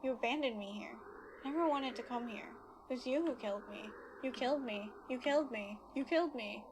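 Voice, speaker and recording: A woman doing a quiet ghost boy. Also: sits high, fairly quick, background noise, close to an everyday voice. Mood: accusing. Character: ghostly schoolboy voice, sad and accusing. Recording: game music playing behind.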